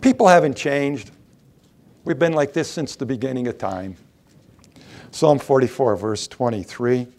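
A man's voice: medium pitch, a little slow, pauses often, darkish tone. A middle-aged man preaching a sermon, asking rhetorical questions and reading scripture aloud.

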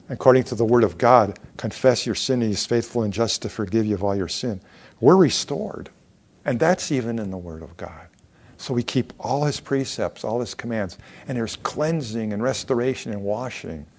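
A man's voice: medium pitch, a little mellow. Man preaching, reads scripture aloud, acts out the figures' voices, asks questions, mid-range voice. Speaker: pastor. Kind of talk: sermon.

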